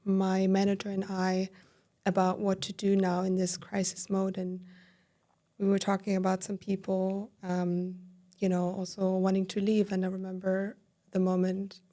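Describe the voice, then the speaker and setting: A woman's voice: mid-range voice, moderate pace. A woman guest on a podcast, talking candidly about her own experience, full of fillers and quoting her own inner thoughts. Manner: animated retelling with quoted inner dialogue, filler-heavy. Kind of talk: candid conversational storytelling.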